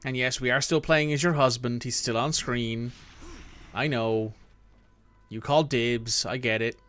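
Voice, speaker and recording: A man's voice: medium pitch, steady tone, unhurried, a bit bright, clean tone, faint music behind. A man giving casual let's-play commentary as he plays, chatting with a viewer. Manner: chatty, talks to a viewer while playing. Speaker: gameplay streamer.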